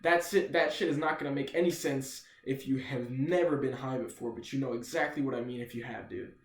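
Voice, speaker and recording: A man's voice: medium pitch, steady tone, a little fast. A young man telling a rambling, profane story in a casual storytime video, tossing in "dude" constantly. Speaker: vlogger. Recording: echoey room.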